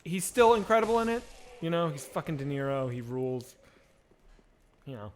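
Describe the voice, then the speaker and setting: A man's voice: fairly high pitch, sing-song, normal speed, slight background noise. A man streaming a game, chatting casually to viewers in a loose, profane, rambling way with frequent restarts. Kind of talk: casual chat while gaming.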